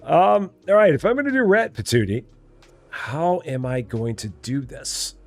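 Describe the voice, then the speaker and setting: A man from Illinois hosts a live game stream, playfully chatting with and answering viewers in casual conversation. His voice sits on the high side, slightly slow, with big pitch swings.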